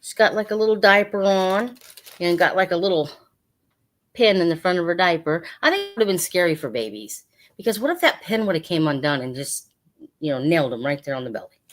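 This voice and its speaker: Woman, sale host, deep voice, casual rambling patter full of fillers. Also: animated, fairly quick. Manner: chatty, rambling, with many fillers.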